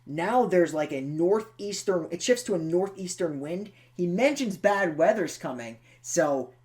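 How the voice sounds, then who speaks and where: A man co-hosting a podcast, chatting casually and excitably about a horror film and teasing his co-host. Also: high voice, measured pace. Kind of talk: casual film review chat.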